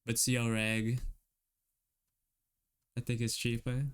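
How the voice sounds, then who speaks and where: A man streaming while he draws, chatting casually with viewers in a relaxed way and chuckling often. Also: mid-range voice, slow, clean tone.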